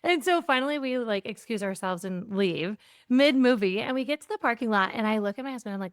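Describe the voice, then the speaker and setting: A woman with a smooth, clean voice tells an animated story as a podcast guest. She acts out little bits of dialogue and fills her speech with a casual "like." The sound is dry and close, with no room echo. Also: fairly high pitch, a little fast. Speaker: guest, keynote speaker on joy.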